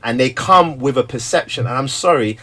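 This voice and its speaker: A middle-aged man, a stay-at-home father who also preaches, talking candidly in an animated, storytelling way with frequent laughter. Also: medium pitch, fairly quick. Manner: animated storyteller, acts out quotes, laughs often. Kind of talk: candid conversation.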